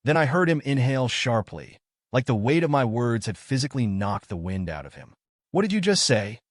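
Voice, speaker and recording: A man narrating a first-person story in a dramatic, expressive way. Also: medium pitch, brisk, no room sound, clean studio sound.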